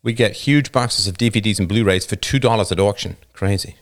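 A man with a fairly low, brisk voice hosts a livestream, speaking into a new studio microphone. His monologue is casual and emphatic, and he keeps punctuating his points with "right?"

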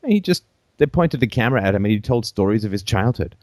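A man's voice: on the low side, lively intonation, quick pace, darkish tone, dry recording, studio quality. A man hosting a call-in show, telling long rambling anecdotes and chuckling as he goes.

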